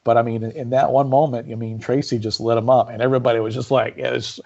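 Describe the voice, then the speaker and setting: Brief: male guest author, warm mellow tone, chatty storyteller, muffled call audio. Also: mid-range voice, fast talker. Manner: animated storyteller, many fillers and repeats. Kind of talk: conversational storytelling on a podcast.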